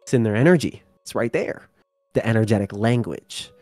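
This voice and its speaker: A young man hosting a casual spiritual chat, talking in a relaxed, rambling way and swearing now and then. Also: fairly low pitch, moderate pace, no echo. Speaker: channel host.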